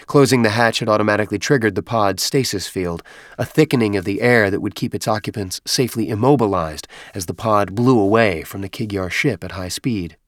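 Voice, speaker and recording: A man reading a science fiction novel aloud in steady, measured audiobook narration. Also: lowish voice, dry recording, clean studio sound. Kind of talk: scripted narration.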